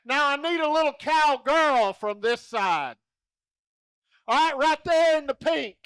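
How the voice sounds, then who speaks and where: High-voiced rodeo entertainer. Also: male voice, lively intonation, measured pace, fairly bright tone, dry recording, studio quality. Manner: folksy, joking, coaxing children. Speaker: rodeo entertainer running a kids' contest. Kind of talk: lively arena crowd-work. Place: rodeo arena.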